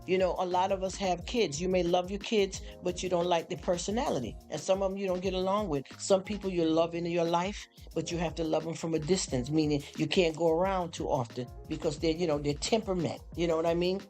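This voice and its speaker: Brief: weary host, mid-pitched voice, loose rambling faith chat over soft music. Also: fairly even intonation, a little fast, few pauses. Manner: rambling, repeats "you understand?". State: tired after a long work shift. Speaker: live streamer. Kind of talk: casual spoken faith talk to a live chat. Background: faint background music.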